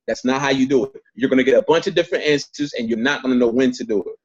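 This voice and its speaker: On a video call, a man runs a network marketing training, speaking straight to his group in an emphatic way and repeating his points. His medium-pitched voice is very fast with a breathy edge, and the audio sounds dull.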